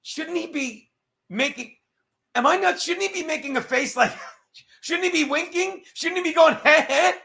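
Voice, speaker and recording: A man's voice: very high voice, creaky, bright, forceful tone. A male show host in a crude, profane sports rant, mocking and reacting to a press conference clip.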